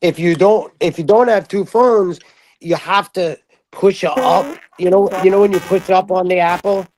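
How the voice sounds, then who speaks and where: A man chatting casually on a group live stream, excitable and rambling with many restarts. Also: high-pitched, normal speed, slight background noise. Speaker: stream participant.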